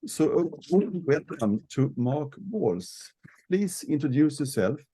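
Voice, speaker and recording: A man from Sweden, a board member, hosting and introducing an online training in a formal, measured, announcement-like way over a video call. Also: a little high, big pitch swings, dark tone, breathy edge.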